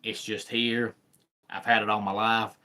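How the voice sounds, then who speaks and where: A man with a Southern accent hosting a live sports talk stream, chatting with viewers in an unhurried way. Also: lowish voice, little pitch movement, bright, forceful tone. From American South. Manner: unhurried, greets viewers by name.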